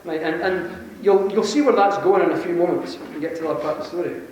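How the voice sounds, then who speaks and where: Glasgow guy telling a funny story on stage, pretty high voice, mic way off in a big echoey hall. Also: a little fast. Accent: Scottish, Glasgow. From Scotland. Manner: animated, chuckles often, self-deprecating humor. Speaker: conference speaker. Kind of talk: storytelling talk to an audience. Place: large conference hall. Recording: very echoey hall, mic far off, faint hiss.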